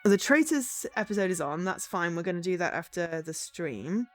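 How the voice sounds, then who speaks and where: A woman's voice: on the low side, expressive, moderate pace, faint music behind. A woman streaming a game, chatting casually in a rambling, easily sidetracked way.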